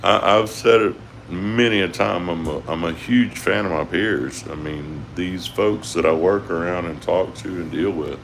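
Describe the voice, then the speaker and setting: A man's voice: low voice, measured pace, a little hiss or hum. A man chatting in a rambling, folksy way on his livestream. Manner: rambling, folksy, lots of restarts. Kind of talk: casual rambling chat.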